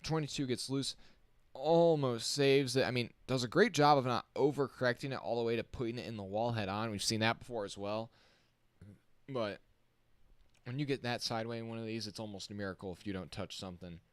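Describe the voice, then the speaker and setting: Excitable man calling a race live. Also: medium pitch, fairly quick, clear, resonant tone, no echo. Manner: excitable, reacts on the fly, chats to viewers. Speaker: live-stream race commentator. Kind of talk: casual live-stream race commentary.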